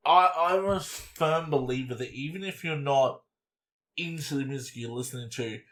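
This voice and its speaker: Casting: man, podcast co-host, loose and animated, swears freely, mid-pitched. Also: normal speed. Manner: rambling, animated, swears casually. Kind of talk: casual chat reviewing an album.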